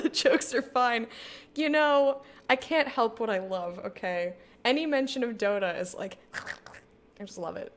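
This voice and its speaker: Chatty gamer lady, 30s, slightly high voice, giggles a lot as she plays. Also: animated, measured pace. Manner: chatty, giggly, reads game text aloud. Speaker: gaming streamer. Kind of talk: casual let's play commentary.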